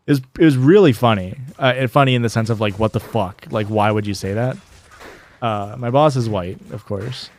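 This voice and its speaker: A man's voice: lowish voice, normal speed, darkish tone, slight background noise. A young man streaming and chatting casually, telling stories in a rambling way, full of fillers and restarts. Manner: rambling storyteller, many "like"s and restarts. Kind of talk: casual chat while gaming.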